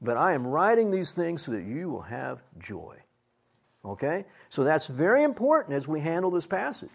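Folksy older man with a high voice, preaching. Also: big pitch swings, moderate pace, gravelly, breathy edge. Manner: folksy, self-mocking, with prop demonstrations. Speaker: pastor. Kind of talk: sermon.

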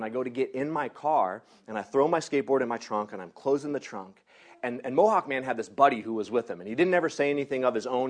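A man preaching by telling a personal story, animated, laughing often and acting out the people in it. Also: medium pitch. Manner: animated, laughs often, acts out others in quotes. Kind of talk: storytelling sermon.

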